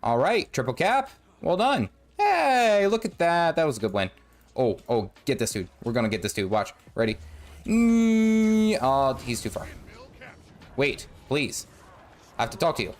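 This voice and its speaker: A man's voice: mid-range voice, sing-song, moderate pace. A man hosting a game livestream, chatting casually in a rambling, jokey, self-mocking way. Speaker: gaming livestream host. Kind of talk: casual gameplay commentary.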